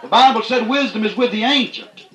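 A man preaching a fiery, folksy sermon, punctuating his points with "that's right" and rising to shouts. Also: extremely high pitch, fairly quick, echoey room, a little hiss or hum, poor audio.

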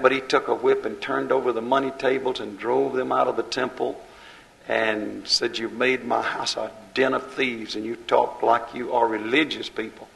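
A man preaching a fiery sermon in a repetitive cadence, swinging between loud and hushed lines. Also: mid-range voice, creaky, poor audio.

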